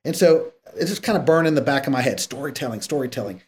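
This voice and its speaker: A man's voice: on the high side, fast. A man who is a guest on a podcast, telling stories casually and acting out the dialogue. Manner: animated storyteller acting out dialogue. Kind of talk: casual interview storytelling.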